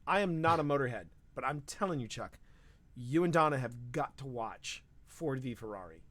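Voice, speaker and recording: Brief: male podcast co-host, casual live-stream chat, excitable and rambling, dry studio sound. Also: medium pitch, normal speed, no room sound. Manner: animated, rambling, frequent restarts.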